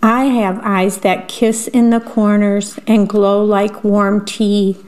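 Slow gentle woman reading a picture book. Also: mid-range voice, flat delivery. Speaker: storyteller reading to children. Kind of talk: picture book read-aloud with picture descriptions.

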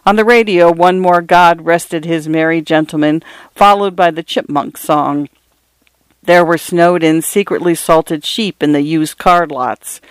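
Man narrating a novel, smooth and dry. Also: on the high side, steady tone, a little slow, no room sound. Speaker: audiobook narrator. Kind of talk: scripted literary narration.

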